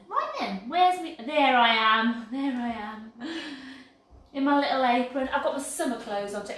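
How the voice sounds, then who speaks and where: A bubbly, chatty woman from England hosting a home baking livestream, cheerful and self-mocking. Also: high voice. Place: home kitchen. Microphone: laptop mic from across the room. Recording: very echoey room, far from mic, faint background noise.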